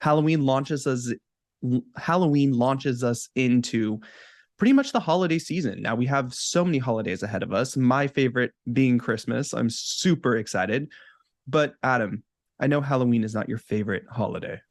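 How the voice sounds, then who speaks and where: A man's voice: medium pitch, expressive, normal speed, no echo, studio quality. Upbeat chatty man co-hosting a podcast. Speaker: podcast co-host. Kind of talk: casual chat.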